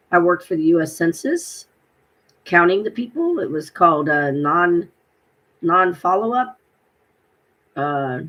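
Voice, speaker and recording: A woman's voice: low voice, a bit bright. A woman vlogging casually, animatedly retelling phone calls and acting out both sides. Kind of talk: casual personal vlog.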